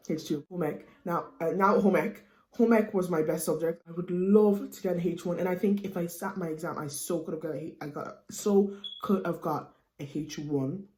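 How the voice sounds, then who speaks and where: In an echoey room, a late-teens Irish student vlogger talks to camera in a chatty, animated way. Her voice is fairly low, and she keeps slipping in fillers such as "you know what I mean."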